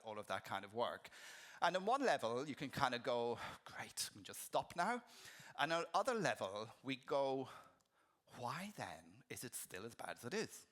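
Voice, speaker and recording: Bright-voiced middle-aged man giving a keynote. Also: medium pitch. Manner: conversational, anecdotal, frequent ums and restarts. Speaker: keynote speaker. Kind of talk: conference keynote talk.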